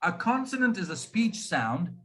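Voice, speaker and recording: Indian man, RP-leaning accent, high voice; speech coach, deliberate and demonstrative. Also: big pitch swings, pushed and bright. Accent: Indian English, RP-influenced. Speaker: pronunciation coach. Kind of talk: speech on pronunciation.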